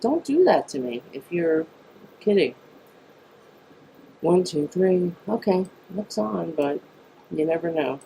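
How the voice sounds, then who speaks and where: A woman's voice: fairly low pitch, very animated, takes it slowly, creaky, long pauses, warm tone, slight background noise. A woman hosting a live political talk stream, reading news items and making blunt, profane asides, on a mic that sounds tinny. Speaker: political talk show host.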